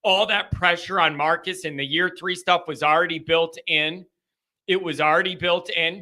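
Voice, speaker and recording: A man hosting a live sports call-in show, talking casually in a rambling, animated and openly anxious way. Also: a little high, moderate pace.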